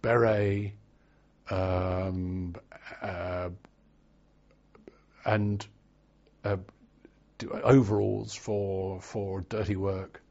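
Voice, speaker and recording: An older man recalling his past in an oral history interview, telling it in a slow, wry storytelling way. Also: low-pitched, level tone, a little mellow, dull audio.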